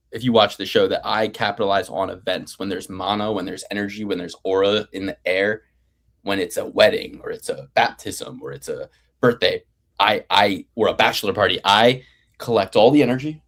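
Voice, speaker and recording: A man in his thirties hosts a betting picks podcast, rambling through casual banter, swearing freely, and hyping himself up in a playfully grandiose way. His voice is fairly low and a bit bright.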